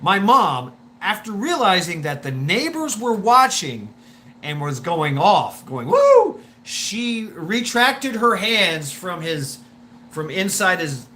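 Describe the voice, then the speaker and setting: A man's voice: sits high, big pitch swings, slow pace, pushed and bright, a little hiss or hum. A man hosting a live stream, telling a story in a rambling way with swearing, laughs and many restarts.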